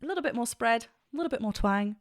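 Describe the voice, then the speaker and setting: A woman's voice: a little high, animated, quick pace. A woman vocal coach giving an enthusiastic, technical reaction and analysis, with frequent fillers.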